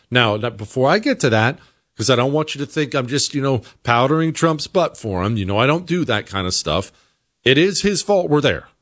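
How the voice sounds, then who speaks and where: An American man hosting a talk show, delivering an emphatic opinion monologue that climbs into high-pitched exasperation. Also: a bit bright. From United States. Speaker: political talk show host.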